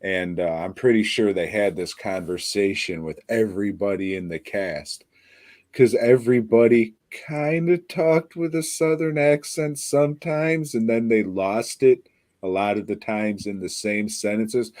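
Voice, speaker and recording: Slow-talking, low-voiced crude podcast man. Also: darkish tone, dry recording. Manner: rambling, crude, mocking. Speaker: podcast co-host. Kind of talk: casual profane chat.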